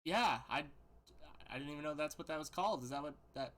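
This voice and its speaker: A muddled, eager bandit lackey, played by a man running a tabletop game. He stammers and restarts as he apologizes, in a bright, slightly raised voice. He sounds keen to please but unsure of himself. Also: fairly high pitch, expressive, fast. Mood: flustered.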